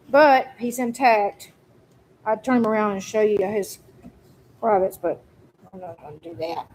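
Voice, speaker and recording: Casual woman, pitched a bit high, chatty and repetitive, phone-recorded. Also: a little mellow, slight background noise, rough recording. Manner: rambling, chatty, repeats herself. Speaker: cat rescuer vlogger. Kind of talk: casual vlog update. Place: hot day, in or near her truck.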